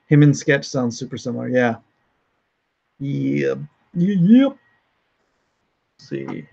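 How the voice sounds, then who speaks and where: A man hosting a casual livestream, chatty and relaxed, laughing often. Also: medium pitch, slow pace, gravelly, long pauses. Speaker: livestream host. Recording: dull lo-fi stream audio.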